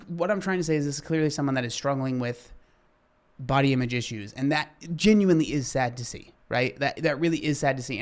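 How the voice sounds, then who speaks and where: Man, mid-pitch, earnest reaction-video host who gets heated about fitness, then reins it in. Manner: earnest, gets worked up and apologetic. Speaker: fitness commentator reacting to a clip. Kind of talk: casual reaction commentary.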